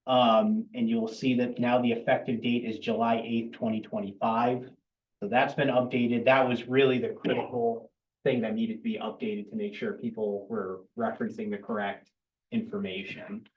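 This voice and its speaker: A man at a town board meeting explains regulation updates in a plain, matter-of-fact way. He is mid-pitched. He sounds roomy and some distance from the microphone. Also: little pitch movement, normal speed, highs cut off. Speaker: town planning staff presenting at a board meeting.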